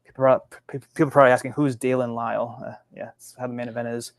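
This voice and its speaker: A man guesting on a fantasy baseball podcast, talking in an easygoing, halting way. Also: medium pitch, flat delivery, creaky, no echo. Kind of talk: casual fantasy baseball chat.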